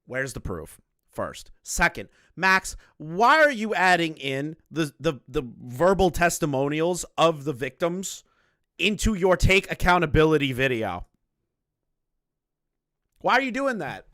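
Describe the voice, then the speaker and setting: Man, sarcastic reaction commentary, mocking, bright voice, dry close sound. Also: on the high side, sing-song, unhurried, no room sound. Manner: mocking, sarcastic, swears freely. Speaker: reaction streamer.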